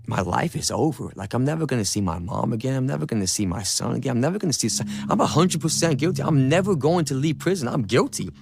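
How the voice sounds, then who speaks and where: A man's voice: lowish voice, creaky. A man telling his personal faith testimony in an earnest, emotional, repetitive way. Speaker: testimony speaker.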